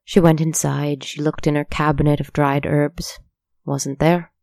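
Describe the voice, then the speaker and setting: A storyteller giving steady scripted narration of a dark tale. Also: medium pitch, unhurried, vocal fry, no room sound, clean studio sound.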